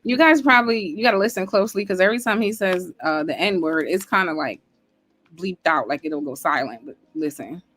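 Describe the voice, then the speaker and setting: A woman's voice: fairly low pitch, expressive, a little fast, fairly bright tone. A woman streamer chatting casually and with amusement as she reacts to a clip.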